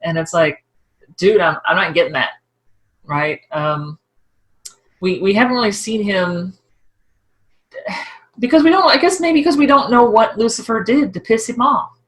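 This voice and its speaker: A middle-aged woman co-hosting a podcast, talking through a TV episode in a chatty, rambling way with quick asides. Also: medium pitch, poor audio. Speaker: podcast co-host. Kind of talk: casual discussion of a TV episode.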